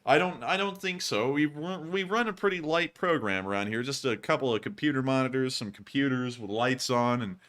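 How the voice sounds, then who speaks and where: A man's voice: medium pitch, brisk, few pauses, a bit bright. A man hosting a casual livestream, thanking donors in a rambling, chatty way and laughing often. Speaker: livestream host. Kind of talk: casual livestream chat reading donations.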